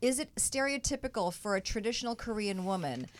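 A woman's voice: mid-range voice, lively intonation, fairly quick, no echo. A woman who is a comedian and actress, explaining her views earnestly and emphatically as a talk show guest.

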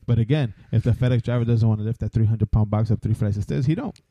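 A man's voice: on the low side, warm tone, dry recording, lo-fi sound. A man co-hosting a podcast, telling profane stories in casual chat and putting on voices for the people in them. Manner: fast, profane storytelling with put-on voices. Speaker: podcast co-host.

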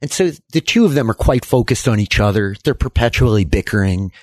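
A man narrating as game master of a tabletop role-playing game, telling the story in a relaxed way full of fillers. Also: on the low side, brisk, no echo.

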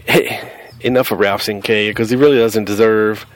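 A man's voice: on the low side, fairly even intonation, normal speed. Blunt Southern man hosting a podcast. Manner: blunt, combative, cusses freely. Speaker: podcast host. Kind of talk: casual podcast monologue.

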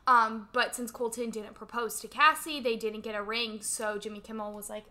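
A young woman co-hosting a casual chat, talking fast and acting out what others said in lively voices. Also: on the high side. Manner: chatty, quotes people in animated voices. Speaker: co-host.

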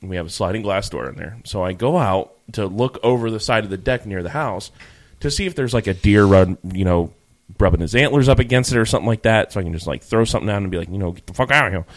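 A podcast host in easygoing conversation, winding through stories with frequent fillers and self-corrections. His voice sits on the lower side for a man. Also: fast. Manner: rambling storyteller, many fillers and restarts. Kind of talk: casual chat.

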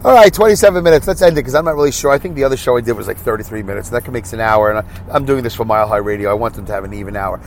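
A man's voice: mid-range voice, very fast, hardly any pauses, a little hiss or hum. A man hosting his own podcast, rambling through a comedic monologue with lots of restarts. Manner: animated, rambling, prone to restarts. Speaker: podcast host.

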